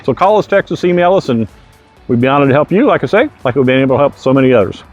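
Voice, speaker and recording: A man's voice: medium pitch, expressive, very fast, highs cut off, faint music behind. An older man, a real estate agent, narrating a casual video tour in a folksy, chatty way outside a bakery. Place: outdoors in front of a bakery.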